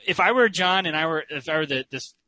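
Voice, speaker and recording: A man's voice: on the high side, quick pace, pushed and bright. A man co-hosting a casual podcast chat, rambling with many fillers and restarts. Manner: rambling, lots of fillers and laughs.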